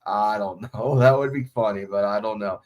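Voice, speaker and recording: A man's voice: on the low side, moderate pace, a little mellow. A man hosting a livestream, chatting casually and swearing freely, recorded on a phone. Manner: profane, off-the-cuff, chatty. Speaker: livestream host.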